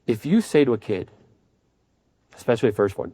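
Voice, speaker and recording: Fast-talking male psychiatrist lecturing. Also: mid-range voice, very animated, mellow. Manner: conversational, explains with acted-out examples. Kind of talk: conference lecture. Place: conference at a hotel.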